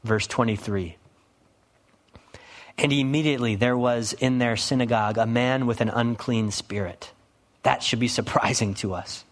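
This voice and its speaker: A man's voice: medium pitch, fairly even intonation, moderate pace. Male pastor preaching in church; earnest, emphatic teaching delivery with questions to his listeners. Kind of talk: expository sermon.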